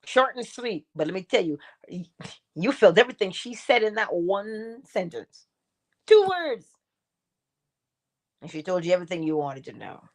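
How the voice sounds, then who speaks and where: A low-pitched, middle-aged woman hosting a morning inspiration stream gives an insistent, theatrical spiritual pep talk. Her expressive style swings from acted high asides to soft low remarks, with plenty of repetition, exhortation and elongated emphasis.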